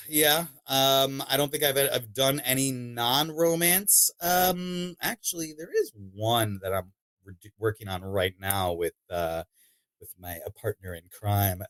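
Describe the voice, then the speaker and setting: A man chats casually about his narration work, laughing often and filling gaps with ums. His voice bounces around a wide pitch range with a bright edge. The close mic sounds dry, with no room at all. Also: no echo. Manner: giggly, animated, lots of fillers. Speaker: guest, audiobook narrator. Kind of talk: casual interview chat.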